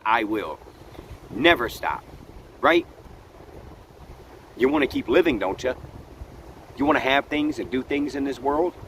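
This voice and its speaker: A man gives an earnest motivational talk straight to his viewers, with frequent laughs between points. He is recorded outdoors, with faint wind and background noise under his voice. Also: fairly low pitch. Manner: earnest, preachy, laughs often. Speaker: vlog host. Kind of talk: motivational live-stream talk.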